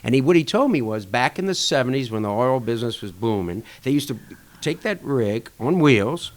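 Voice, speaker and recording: A man recounts an old story in a relaxed interview, his voice swinging up and down as he acts out what each person said. He speaks at a middling pitch and an easy, conversational pace. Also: a little fast. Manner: animated anecdote-telling, acting out dialogue with shifting pitch. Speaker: podcast guest, restaurant association chair.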